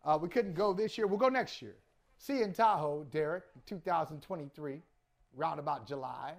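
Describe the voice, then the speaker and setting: A man's voice: on the high side, a little fast, gravelly. A man co-hosting a sports talk show, talking casually in a reflective, conversational and agreeable way. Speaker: sports podcast co-host. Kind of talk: casual chat.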